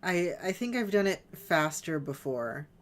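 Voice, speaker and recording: A woman streaming a video game, chatting casually and relaxed, laughing often. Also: on the low side, a little slow. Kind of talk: casual gameplay commentary.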